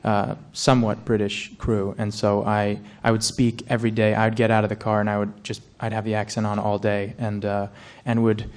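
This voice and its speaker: Halting, joking man. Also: on the low side, completely flat delivery, a little mellow. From United States. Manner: self-deprecating, joking, halting. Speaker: film actor on a press panel. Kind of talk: press conference answers. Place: press conference room.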